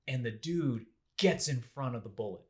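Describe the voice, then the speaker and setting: Young male podcast host, casual storyteller, voice swings up and down a lot, mid pitch. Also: normal speed. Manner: animated, acts out quoted people with big pitch jumps.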